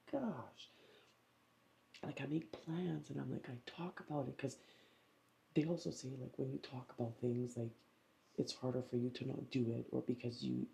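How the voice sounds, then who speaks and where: A woman's voice: rumbling low, creaky, mellow, a little hiss or hum. A woman vlogger chatting casually at home, rambling through a story with lots of fillers. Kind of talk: casual vlog chat.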